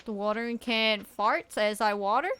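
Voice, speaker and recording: A woman's voice: a little high, normal speed, a little hiss or hum. A young woman co-hosting a game stream, chatting casually and acting out the people in her stories. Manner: animated storyteller, acts out quoted people. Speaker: co-host playing a farm game on stream. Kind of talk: casual chat while gaming.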